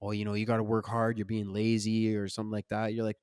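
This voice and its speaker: Casual low-voiced male podcast host. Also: quick pace, smooth, dry recording, clean studio sound. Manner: animated, loose, casual with slang. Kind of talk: casual film discussion.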